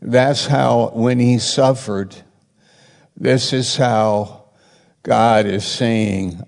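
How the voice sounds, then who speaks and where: A man preaching a sermon and teaching from the Bible, rambling and correcting himself as he retells stories with rising excitement. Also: medium pitch, very slow, vocal fry. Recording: long hall reverb.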